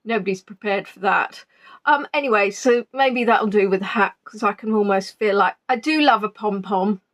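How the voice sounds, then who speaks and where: A woman's voice: medium pitch, normal speed. A woman chatting casually from her spare room at home before an online tour, greeting viewers by name with plenty of ums. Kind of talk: casual pre-tour chat on a live stream.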